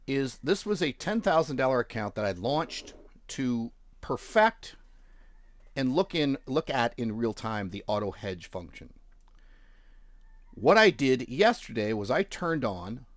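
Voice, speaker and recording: The recording is dry, and the man's voice is mid-range. He hosts a forex trading channel, casually guiding viewers through charts and accounts on screen while clicking around and making offhand jokes.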